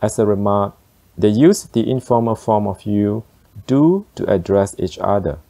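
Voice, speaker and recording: A man teaching beginner German phrases, explaining slowly and deliberately. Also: fairly low pitch, creaky, mellow. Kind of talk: beginner language lesson.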